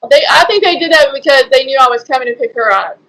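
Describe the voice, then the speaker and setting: A woman's voice: high voice, lively intonation, fast, a bit bright, low-quality recording. A woman, a guest mother in an interview, speaking in a concerned, plain way.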